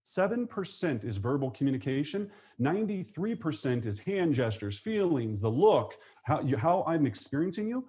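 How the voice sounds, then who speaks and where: A man teaching a live real estate webinar, energetic, acting out sales phone calls in quick voices. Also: on the high side.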